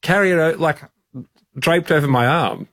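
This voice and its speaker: A man co-hosting a podcast, telling a story in a casual, animated way and laughing often. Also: on the high side, normal speed, no echo, studio quality. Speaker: podcast co-host. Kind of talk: casual chat.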